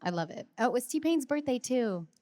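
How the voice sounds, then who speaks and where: A woman's voice: sits high, expressive, moderate pace, dark tone. A woman in her thirties talks casually on a podcast. She is bubbly and laughs often. She acts out quotes as she goes. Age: 30s. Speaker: podcast co-host. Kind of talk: casual chat.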